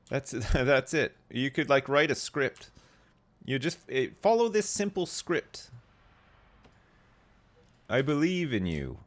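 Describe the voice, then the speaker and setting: A man live-streaming a game, chatting casually in a joking, rambling way. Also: mid-range voice.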